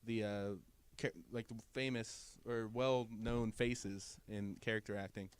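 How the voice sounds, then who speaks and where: A man's voice: lowish voice, steady tone, unhurried, smooth. A man co-hosting a casual podcast chat, hesitant and full of fillers and restarts, laughing easily. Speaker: podcast co-host.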